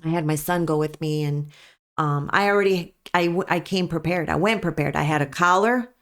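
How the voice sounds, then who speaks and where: A woman with a lowish voice speaks as a podcast guest. She tells her story as a dog breeder in an earnest, emphatic way and keeps coming back to her main points. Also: moderate pace, fairly bright tone. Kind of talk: conversational storytelling.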